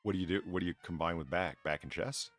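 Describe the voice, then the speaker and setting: A man's voice: deep voice, fast, fairly bright tone, soft background music. A man hosting a casual podcast, chatting, reading out donations and laughing at his own jokes. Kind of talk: casual chat.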